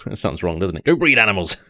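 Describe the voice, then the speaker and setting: A man's voice: low voice, very animated, a little fast, bright, forceful tone. A man giving casual, joking commentary while playing a video game, laughing often. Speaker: gaming YouTuber.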